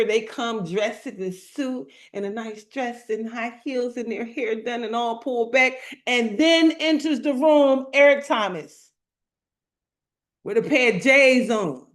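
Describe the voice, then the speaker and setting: With a fairly high pitch, this woman preaches to an online livestream crowd in the style of a motivational speaker. Her delivery is slow and emphatic, full of repeated, informal phrases and callouts to the chat.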